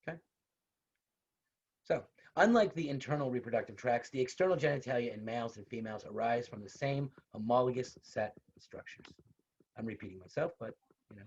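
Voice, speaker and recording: In a slightly rough, darkish mid-range voice that runs a little fast, a university instructor leads a casual online video class. He talks conversationally, restates his points, and adds personal asides, and the video call audio is dull and lo-fi.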